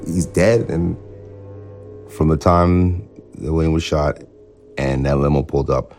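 A man telling an interviewer about a shooting he witnessed, halting and full of fillers, acting out what was said. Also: extremely low pitch, fairly even intonation, darkish tone, soft background music. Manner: halting, filler-heavy, acts out remembered dialogue. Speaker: eyewitness interviewee. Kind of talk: recounting a shooting in a documentary interview.

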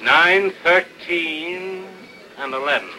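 A man's voice: a little high, takes it slowly, bright, forceful tone, soft background music, full character voice, poor audio. An actor playing a curt male race official in a film, speaking in short, clipped words.

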